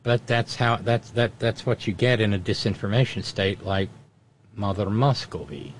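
A man's voice: fairly low pitch, normal speed, slight background noise. Sardonic rambling male show host. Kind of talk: casual commentary reading chat.

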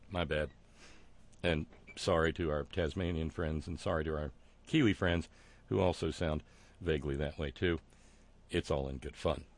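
Sardonic man hosting a monologue show. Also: a bass voice. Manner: sardonic, wry, halting with fillers. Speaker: commentary show host.

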